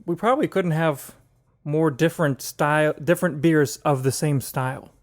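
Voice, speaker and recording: A man co-hosting a casual podcast, chatty and quick to laugh at his own jokes. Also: fairly high pitch. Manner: chatty, laughs often, self-deprecating jokes. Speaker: podcast co-host. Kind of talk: casual chat.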